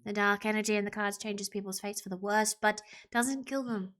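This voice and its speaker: A woman's voice: mid-range voice, steady tone, normal speed, fairly bright tone. A woman streaming a story game live, reading it aloud, chatting and laughing, and slipping into a playful pirate brogue. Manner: chatty, laughs often, talks to her pet and chat. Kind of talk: live game playthrough with voiced characters.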